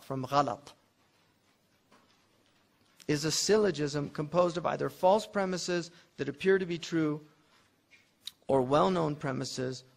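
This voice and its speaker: Gravelly man lecturing on classical logic. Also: on the high side. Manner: conversational explaining, mixing in Arabic terms. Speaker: Islamic scholar teaching logic.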